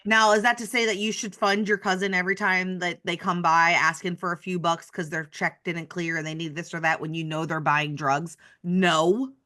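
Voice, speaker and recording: A woman hosting a candid interview podcast, speaking in a low register. She is warmly enthusiastic and affirming toward her guest. Her talk wanders with many "like" fillers as she works out her thoughts. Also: steady tone, normal speed, few pauses. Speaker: podcast host.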